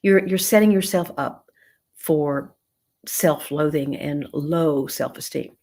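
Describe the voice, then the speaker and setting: Southern-accented woman psychologist, middle-aged, low voice, easy conversational advice. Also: takes it slowly, vocal fry. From American South. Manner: warm conversational advice with retold dialogue. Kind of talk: live-stream Q&A.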